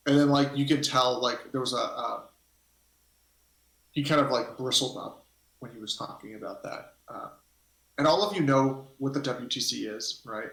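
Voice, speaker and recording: Gravelly-voiced male game master, rambling. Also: mid-range voice, moderate pace, fairly bright tone. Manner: rambling, hesitant, thinks aloud. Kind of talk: narrating a tabletop game on a live stream. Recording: echoey room.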